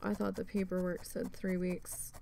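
A woman's voice: fairly low pitch, little pitch movement, normal speed, creaky, dark tone, faint music behind. A woman vlogger chatting casually while she needle felts, rambling and venting with free swearing. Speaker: crafting vlogger.

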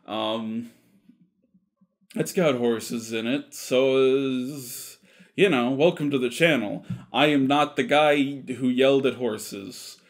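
A man's voice: mid-range voice, slow. A man hosting his own channel, talking straight to camera in a rambling, exasperated way and swearing casually. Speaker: YouTube channel host. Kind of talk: casual direct-to-camera address.

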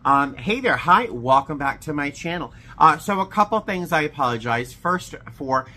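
A man vlogging casually to camera at home, chatty and animated, with a sarcastic edge. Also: fairly high pitch, moderate pace. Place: living room at home. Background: traffic noise through open door.

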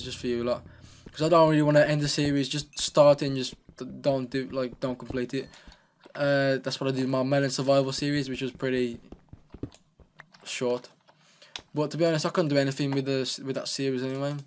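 A man's voice: medium pitch, fairly even intonation, fairly quick, slight background noise. A man giving casual, rambling gameplay commentary as a let's play gamer, playful and often talking to himself.

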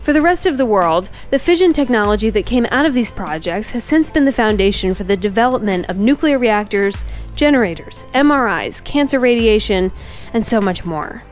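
A woman's voice: fairly high pitch, expressive, normal speed, faint music behind. A woman travel vlogger telling a story in a casual, self-mocking way, laughing often and acting out the people she quotes. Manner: quotes people in acted voices.

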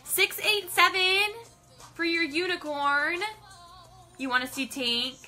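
Bubbly high-voiced woman live-streaming. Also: expressive, slow, pushed and bright, soft background music. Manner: bubbly, greets viewers by name, gushes. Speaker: livestream host. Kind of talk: casual live-stream chat.

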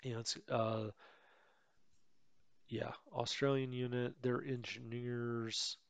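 A man's voice: medium pitch, level tone, takes it slowly, vocal fry, clear, resonant tone, no room sound. A man giving casual, rambling commentary over a strategy game he plays, often correcting himself and chatting in asides. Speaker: let's play host.

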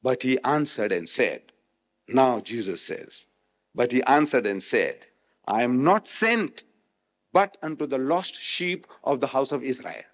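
Man from South Africa, dramatic lecturer, rather high voice, long hall echo. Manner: dramatic, rhetorical questions, swings from loud to quiet. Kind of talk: public religious lecture. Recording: echoey hall, old remastered recording.

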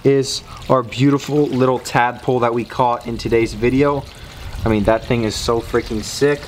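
A young man hosting an outdoor fishing vlog, talking with excited, slangy enthusiasm by a backyard pond. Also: medium pitch, moderate pace, slight background noise. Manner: enthusiastic, slangy, repeats "bro" and "beautiful". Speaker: fishing vlogger host.

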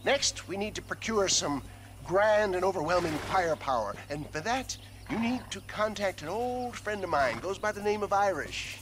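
An actor playing a smooth-talking old con-man with theatrical, flowery speech, heard as game audio under loud noise. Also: high voice, lively intonation, moderate pace. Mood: scheming. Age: older.

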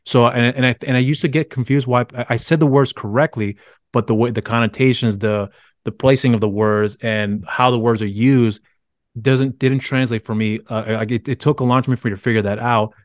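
A man's voice: medium pitch, fairly even intonation, a little fast, no room sound, studio quality. A man from the United States who grew up speaking Spanish, hosting a podcast and asking long, rambling questions with many restarts. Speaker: podcast host. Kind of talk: casual interview talk.

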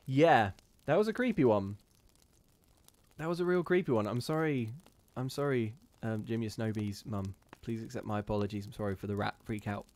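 Giggly man reading stories live. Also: mid-range voice. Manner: giggly, rambling, animated. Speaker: host reading ghost stories and chat. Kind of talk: casual live-stream chat and reading aloud.

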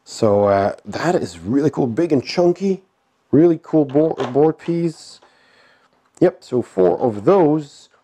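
A man's voice: fairly high pitch, takes it slowly, a little hiss or hum. A man with a cold and a nasal voice, casually commenting while unboxing a board game, with frequent fillers and chuckles. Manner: relaxed, chuckling, lots of fillers.

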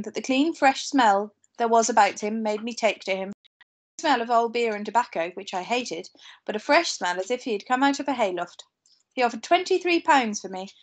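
A woman teacher reads a novel aloud to her class in a steady, unhurried way. Her voice sits a little high, and she corrects small slips as she goes. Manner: steady reading with occasional slips and asides. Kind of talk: reading a novel aloud to pupils.

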